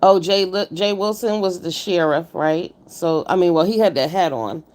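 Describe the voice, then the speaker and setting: Woman streamer, blunt, slightly low voice, chatty commentary. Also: normal speed, a little mellow. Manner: blunt, greets chat viewers by name. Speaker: livestream host reviewing a contest. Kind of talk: casual livestream commentary.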